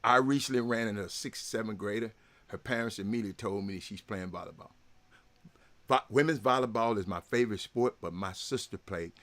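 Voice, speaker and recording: A man's voice: on the low side, a little fast, fairly bright tone. A man, hosting a casual talk show and rambling to his viewers with lots of repeated words. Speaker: sports talk show host.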